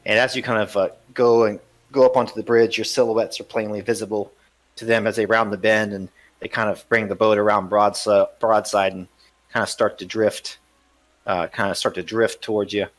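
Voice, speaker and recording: Man GM, lowish voice, halting narration of a tabletop game. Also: little pitch movement. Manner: hesitant, many fillers. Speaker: game master.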